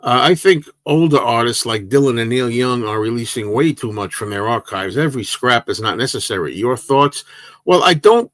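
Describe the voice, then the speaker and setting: A man's voice: medium pitch, normal speed, a bit bright, dry recording. A man in his sixties hosting a livestream, answering viewers in a casual, rambling way with many hesitations and restarts. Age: 60s. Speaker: livestream host.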